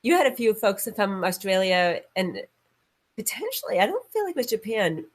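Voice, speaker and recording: Husky-voiced woman co-host, lively pitch. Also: moderate pace. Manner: short encouraging backchannels and questions. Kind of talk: casual interview chat.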